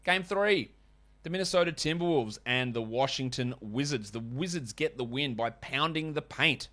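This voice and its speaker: Aussie bloke podcasting fantasy hoops, chatty, dry jokes, mid-pitch voice. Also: male voice, sharp tone. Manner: chatty, wry asides, quick stat rundowns. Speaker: podcast host. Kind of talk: fantasy basketball podcast commentary and ad reads.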